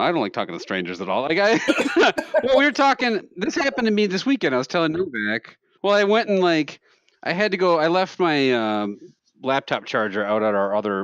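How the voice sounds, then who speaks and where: A man co-hosts a casual comedic podcast. His pitch swings widely as he acts out quotes in loud, lively bursts. The recording is dry and a bit dull, like a close home mic. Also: fast talker, no room sound. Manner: animated storyteller, acts out quotes loudly. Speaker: podcast co-host.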